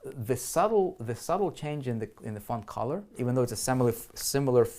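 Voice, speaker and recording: A man's voice: mid-range voice, fairly quick, a little mellow. Guy walking folks through a sales page, chatty, keeps asking right?, typing in the background. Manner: chatty, lots of "right?" check-ins, frequent restarts. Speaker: online marketing trainer. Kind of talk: live screen-share teaching.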